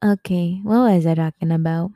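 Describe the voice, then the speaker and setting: A woman's voice: lowish voice, steady tone, normal speed, warm tone, dry recording. A young woman hosting a casual solo podcast, giggling often and rambling as she loses her train of thought. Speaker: podcast host.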